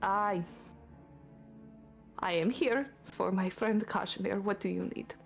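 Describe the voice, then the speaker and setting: A woman's voice: mid-range voice, takes it slowly, gravelly, soft background music. A woman doing a gushing, puppyish young god. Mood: eager. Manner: gushing, over-eager, rambling. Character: eager golden-retriever-like male god, fawning.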